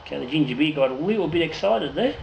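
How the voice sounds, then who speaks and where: Joking home brewer, echoey room. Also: male voice, on the high side, animated, quick pace, gravelly, dull audio. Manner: jokey, swears casually, trails off and restarts. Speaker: home brewer and channel host. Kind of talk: casual raffle draw and brewing chat. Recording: echoey room with noticeable noise.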